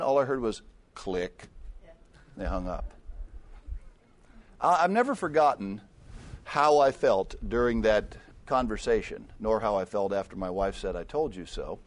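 Mixing scripture with his own stories, an older preacher moves between hushed asides and loud, forceful climaxes. He has a lowish, expressive voice and keeps a moderate pace.

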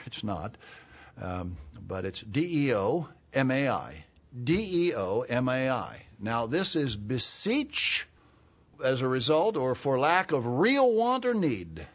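A man preaching a sermon. He explains words slowly and clearly, then builds to urgent, emphatic calls. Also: medium pitch. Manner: expository, spells out Greek words, rises to urgent emphasis.

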